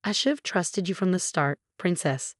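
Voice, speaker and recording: A woman's voice: fairly low pitch, big pitch swings, a little slow, no echo, clean studio sound. A woman voicing a regretful aging father who owns a family business, speaking heavily. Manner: heavy, regretful.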